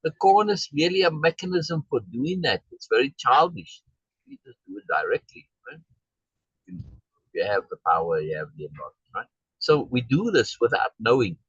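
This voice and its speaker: A man's voice: mid-range voice, sing-song, moderate pace, fairly bright tone, husky, dry recording, lo-fi sound. A man telling a rambling personal story in a casual online meeting, with many asides and "right?" checks. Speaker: discussion group member. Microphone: video call.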